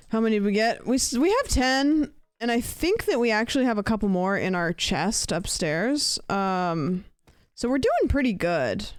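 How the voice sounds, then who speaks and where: A woman's voice: medium pitch, dry recording. A woman streaming a game, chatting casually and swearing as she plays and talks to her chat. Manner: casual and sweary, talking to herself and chat while playing. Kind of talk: casual gaming livestream chat.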